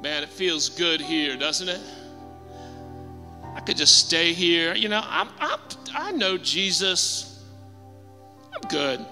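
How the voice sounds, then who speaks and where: A man's voice: on the high side, sing-song, takes it slowly, pauses often, pushed and bright, voice pushed down, exaggerated voice. A man playing a comfortable churchgoing man who makes excuses, in a drawling, self-satisfied way. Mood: complacent. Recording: long hall reverb, faint music.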